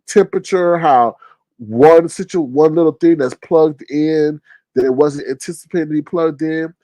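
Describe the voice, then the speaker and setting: A man casually hosting a livestream, reading chat aloud in a joking, animated way and laughing often. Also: moderate pace, no room sound. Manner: animated, joking, laughs often, jumps to high-pitched exclamations.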